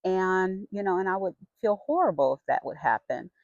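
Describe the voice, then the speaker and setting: A middle-aged woman vlogger telling a personal story in a frank, chatty and expressive way. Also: fairly low pitch, normal speed, no echo. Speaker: vlogger sharing her health story. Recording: dull lo-fi sound.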